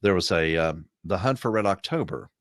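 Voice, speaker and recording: An American man telling stories on a casual weekly podcast, laughing between his points. His voice is low but moves around a lot in pitch, recorded dry and up close. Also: normal speed, no room sound. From United States. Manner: animated storyteller who laughs between points. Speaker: podcast co-host. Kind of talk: casual chat.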